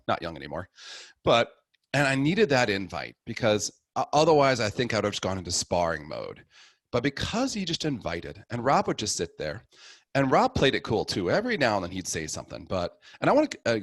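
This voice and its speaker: Lively low-voiced man telling a story. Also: brisk, dry recording. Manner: animated, acts out the dialogue in his story. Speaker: guest sharing his conversion story. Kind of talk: casual storytelling.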